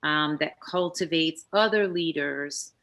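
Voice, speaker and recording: A woman's voice: sits low, slow pace, fairly bright tone. A woman interviewer asking long, thoughtful questions with frequent fillers. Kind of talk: interview conversation.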